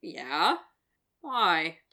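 A man's voice: high voice, sing-song, extremely slow, vocal fry, sharp tone, full character voice. A woman voicing a playful, cheeky young college man who tells stories in a chatty, bubbly way. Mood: cheerful.

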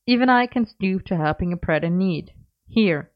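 A woman voicing a cheeky, excitable young male wizard who talks in a bright, insistent, playfully bossy way. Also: fairly low pitch, moderate pace, lightly acted. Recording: dull lo-fi recording.

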